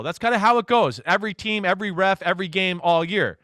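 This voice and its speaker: A man in his forties with a high, bright voice tells a story from his playing days, jumping into loud acted-out quotes. The sound is dry and close, with no room around it. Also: fast talker, dry recording. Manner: animated storytelling, acts out quotes loudly. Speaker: former quarterback, guest. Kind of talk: casual radio interview.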